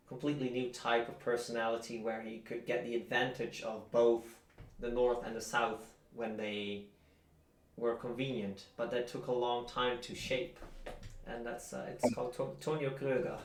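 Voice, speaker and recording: A man from the Netherlands chatting casually, halting with frequent uhs. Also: medium pitch, reverberant. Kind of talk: casual chat.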